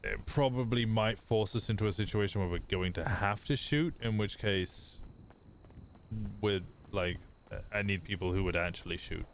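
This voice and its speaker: A man's voice: lowish voice, normal speed, slight background noise. Rambling man telling a role-play story. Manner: rambling storytelling with laughs and restarts. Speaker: streamer playing a wanted character. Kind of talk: casual in-character role-play chat.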